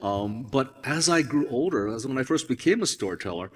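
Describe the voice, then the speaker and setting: A man's voice: mid-range voice, animated, fairly quick, slightly rough. A man from Hawaii, a storyteller talking reflectively and rambling a little, with restarts. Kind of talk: storytelling talk on stage. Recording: long hall reverb.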